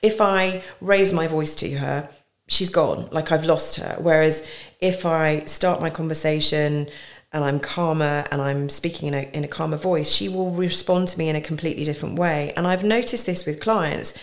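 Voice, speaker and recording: Low-voiced woman coach explaining calmly. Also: normal speed. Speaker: executive coach, guest. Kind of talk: conversational podcast interview.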